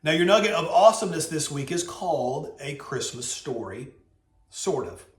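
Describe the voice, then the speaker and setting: A man hosting a weekly video, telling a story in a lively, casual way and acting out the voices. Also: fairly high pitch, normal speed. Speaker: host. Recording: roomy echo.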